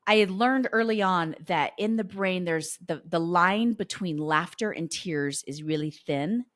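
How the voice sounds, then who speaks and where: Woman in her forties, podcast host, lower-pitched, close and dry; chatty, encouraging. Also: a little slow, no echo. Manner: chatty, warm encouragement with quoted dialogue. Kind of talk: casual solo podcast talk.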